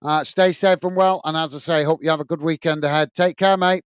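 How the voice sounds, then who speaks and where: A man's voice: on the high side, fairly even intonation, fairly quick, clear, resonant tone, no echo. A man hosting a football watch-along live stream, reading out viewer comments and giving friendly, repetitive sign-offs with many fillers. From England.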